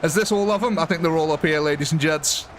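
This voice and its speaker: A man's voice: on the high side, fast, fairly bright tone, a little hiss or hum. A man chatting casually on a live gaming stream, rambling and laughing often.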